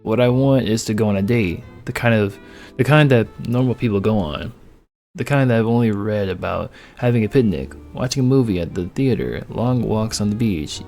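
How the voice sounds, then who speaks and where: A man's voice: lowish voice, gravelly, darkish tone. A man reading as Violet, a sweet cheerful baker girl. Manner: playful, enthusiastic, polite.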